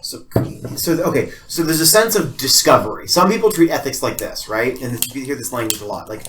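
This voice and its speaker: A man co-hosting a casual philosophy podcast, talking in an animated way, swearing often and acting out little scenes. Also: medium pitch, brisk, slight background noise. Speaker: podcast co-host.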